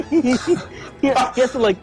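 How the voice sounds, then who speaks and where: A man playing a tabletop game, casual and halting, full of fillers and giggles. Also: extremely high pitch, a little mellow, soft background music. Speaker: player.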